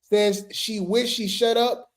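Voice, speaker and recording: A woman's voice: a little high, steady tone, takes it slowly. A woman hosting a casual gossip commentary show, chatty and slangy, laughing often as she talks.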